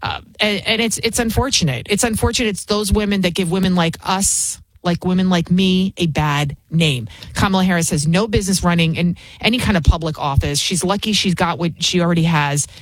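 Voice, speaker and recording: A woman's voice: on the low side, moderate pace, hardly any pauses, dry recording. A woman talk show host delivering an emphatic, sarcastic political commentary monologue, often repeating her points.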